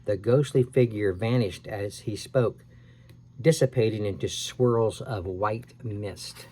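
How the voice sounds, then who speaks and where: A man's voice: lowish voice, slow pace, darkish tone, breathy edge. A man reading a scary children's book aloud with expression, now and then correcting himself. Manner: reads with expression and small self-corrections. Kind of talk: dramatic read-aloud of a scary children's story.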